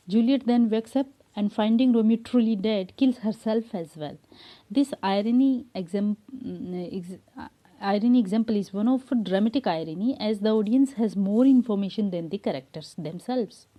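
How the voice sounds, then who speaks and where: Indian lady lecturer, really mellow dark voice, lots of uh and um, slow explaining. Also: medium pitch. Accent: Indian English. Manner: unhurried explaining with frequent fillers. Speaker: English lecturer. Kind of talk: classroom lecture.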